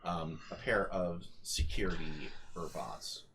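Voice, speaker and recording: A man running a tabletop game as game master, describing scenes in halting bits full of ums and restarts. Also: low voice, animated, a bit bright, a little hiss or hum.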